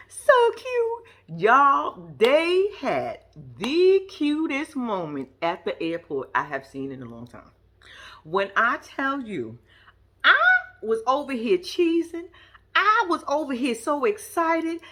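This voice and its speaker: A woman's voice: on the high side, a bit bright. A woman casually recapping a reality show, chatty, blunt and profane, laughing often.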